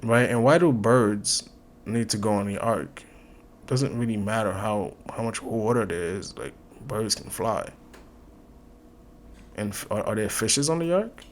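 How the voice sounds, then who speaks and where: A man's voice: on the low side, lively intonation, a little hiss or hum. A man hosting a reaction video, firing off incredulous questions in a casual commentary style. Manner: incredulous, rapid-fire questioning.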